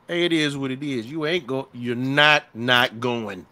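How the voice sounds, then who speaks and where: A man's voice: medium pitch, moderate pace, pushed and bright. A middle-aged man co-hosting a podcast in casual chat, profane and storytelling, often acting out quotes. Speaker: podcast co-host.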